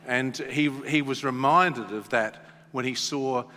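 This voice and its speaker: A man's voice: mid-range voice, slow, pushed and bright, in a large hall. A man, a radio host moderating a stage interview, asking questions in a conversational, anecdotal way.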